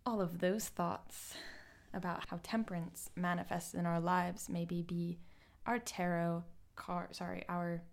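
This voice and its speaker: A woman's voice: on the low side, flat delivery, a little slow, vocal fry, few pauses. A woman co-hosting a casual podcast chat, playful and chatty, often laughing. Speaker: podcast co-host.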